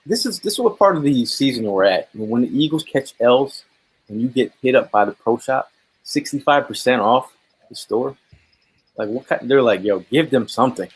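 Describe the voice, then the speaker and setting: A man's voice: medium pitch, lively intonation, normal speed, breathy edge, low-quality recording. A man hosting a casual live sports chat, laid-back and joking. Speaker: podcast host.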